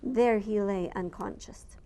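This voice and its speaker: A woman reading a picture book aloud to listeners with an expressive, animated delivery. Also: mid-range voice, takes it slowly. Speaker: storyteller.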